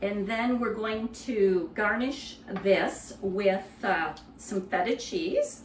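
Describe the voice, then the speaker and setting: A woman walks through a recipe in her kitchen at an unhurried pace, chatting casually as she works. Her voice sits a little back from the mic in a roomy space. A faint room hum runs underneath. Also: medium pitch, far from the mic. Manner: relaxed, conversational explaining with fillers. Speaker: cooking demonstrator. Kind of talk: cooking demonstration.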